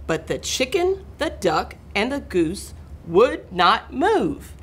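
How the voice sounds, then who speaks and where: A middle-aged woman reading a picture book aloud to children, expressive and talking to her young listeners. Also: on the high side, slow, breathy edge. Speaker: school administrator reading aloud.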